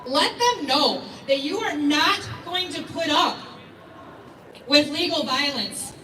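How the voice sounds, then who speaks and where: A woman's voice: sits high, lively intonation, slow, bright, forceful tone. A woman giving a motivational speech at an outdoor rally, firing repeated questions at the audience, heard through a PA. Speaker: rally speaker. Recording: echoey PA sound from far off.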